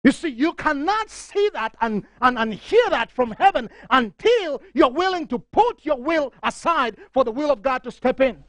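A middle-aged man preaching a fervent sermon, reading scripture aloud and rising to near shouting. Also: extremely high pitch, animated, moderate pace, hardly any pauses, no echo. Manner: reads scripture passages aloud.

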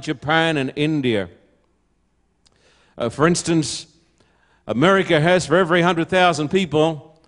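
A man's voice: a little high, fairly bright tone. An older man preaching a sermon to an audience, emphatic and full of rhetorical questions.

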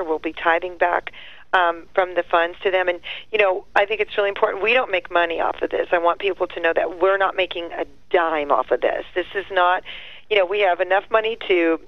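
A middle-aged woman, an actress and singer, telling stories as a guest in an interview, lively and acting out quoted voices. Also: dry recording. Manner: lively, acts out quoted voices with big pitch jumps. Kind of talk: animated storytelling interview. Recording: muffled dry phone line.

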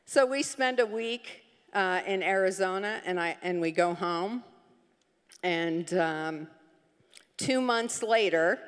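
Slow-talking woman telling a story in a hall. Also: on the low side, clear, resonant tone. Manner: storytelling, laughs often, acts out quotes. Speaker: guest speaker telling her story. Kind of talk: personal testimony on a church stage.

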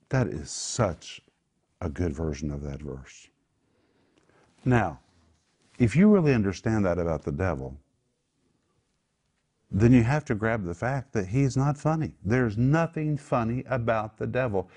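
Male pastor, low voice, emphatic sermon-style teaching. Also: big pitch swings, unhurried, pauses often, a little mellow. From United States. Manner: emphatic, rises sharply on key words.

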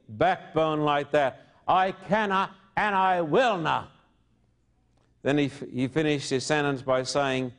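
A man in his fifties preaching a fervent sermon, often addressing his listeners as friend. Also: fairly high pitch.

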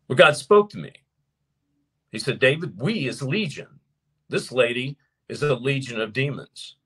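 A man preaching and teaching to his viewers as host of his show, emphatic, slowing down to stress points. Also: mid-range voice, husky. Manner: animated and emphatic, slows down to stress key points. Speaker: preacher hosting a live show. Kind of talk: sermon-style teaching to a live audience.

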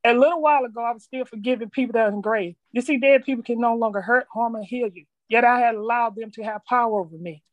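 A middle-aged woman with a fairly high voice reads her own written reflection aloud, earnest and measured. She stumbles over a word now and then. The sound is dry and close, with almost no room in it. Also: dry recording. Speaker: speaker sharing her story. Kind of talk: reading a personal reflection aloud.

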